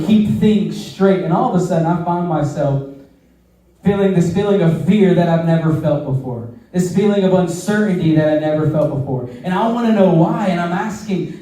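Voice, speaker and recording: A man's voice: sits high, normal speed, mellow. A man, a youth pastor, preaching a sermon, telling a personal story in an earnest way and often asking "right?". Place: church service. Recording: echoey hall, voice from far off.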